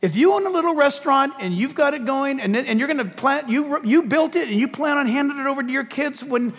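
A man's voice: extremely high pitch, animated, brisk, a bit bright. A man preaching a fervent political sermon, emphatic and full of rhetorical questions, in a large hall or church.

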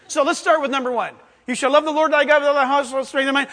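A man preaching a sermon as pastor, animated, acting out voices and laughing as he teaches. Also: very high voice, fast talker, few pauses. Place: church sanctuary. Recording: long reverb of a large hall.

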